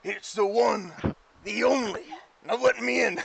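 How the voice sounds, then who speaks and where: A man voicing a flamboyant, pantsless male wrestler who shouts boastful catchphrases in a drawn-out, gravelly way. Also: very high voice, voice pushed up, exaggerated voice, low-quality recording. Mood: demanding.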